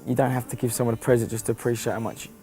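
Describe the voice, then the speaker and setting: A man's voice: medium pitch, level tone, very fast, dark tone. A young man from a pop band, cheeky and joking in an interview. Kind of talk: interview talk. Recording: music playing behind. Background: faint music.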